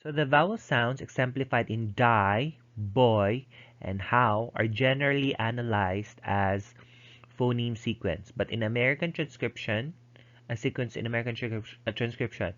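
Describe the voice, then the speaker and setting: A man's voice: mid-range voice, measured pace, a bit bright. A man lecturing and explaining step by step, with frequent ums and restarts. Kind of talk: recorded lecture. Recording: dull lo-fi recording.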